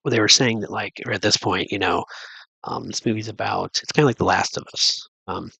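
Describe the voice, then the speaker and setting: A man's voice: lowish voice, fairly even intonation, a little fast, gravelly, sharp tone, slightly rough, no echo, rough recording. A man recapping a movie in a casual, rambling way, full of fillers and restarts. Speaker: movie reviewer. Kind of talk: casual spoken film recap.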